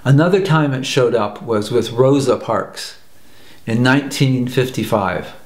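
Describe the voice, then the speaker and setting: Earnest male speaker from the US, mid pitch, roomy echo; storytelling teacher. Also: unhurried. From United States. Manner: earnest, repeats phrases for emphasis. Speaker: personal growth teacher. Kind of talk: spoken storytelling talk.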